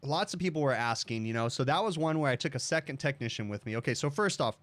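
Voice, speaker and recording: Brief: man, mid-pitched, casual livestream host, rambling anecdotes, dry close sound. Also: animated, fast, fairly bright tone, dry recording. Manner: rambling storyteller, says "okay?" often. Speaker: livestream host, HVAC technician.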